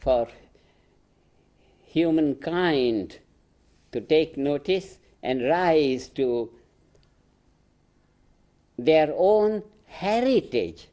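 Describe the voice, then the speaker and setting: An older Indian man delivers a proclamatory address, slow and deliberate. His voice sits a little high for a man, and he presses on key phrases, repeating them and breaking into short laughs. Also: darkish tone. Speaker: spiritual teacher.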